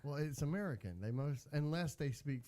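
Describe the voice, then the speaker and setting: A man's voice: on the high side, expressive, a little fast, warm tone. A young man co-hosting a radio show in casual banter, with a dry, teasing manner.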